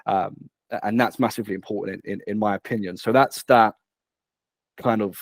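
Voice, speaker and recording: A man's voice: on the low side, steady tone, brisk, no echo. A man, a headhunter speaking as an interview guest. He talks with energy and repeats words as he starts phrases. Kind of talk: conversational interview.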